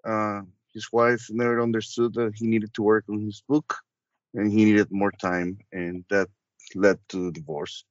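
A man with a slightly low voice describes his tabletop character hesitantly, with many fillers. He is heard close and dry on a dull, lo-fi recording. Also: flat delivery, a little slow, no echo. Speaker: tabletop game player. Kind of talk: character introduction in a tabletop game.

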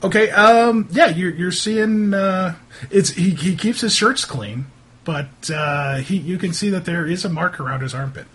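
A man's voice: high-pitched, unhurried, fairly bright tone, husky. A man narrating as game master of a tabletop role-playing game, hesitant with many fillers.

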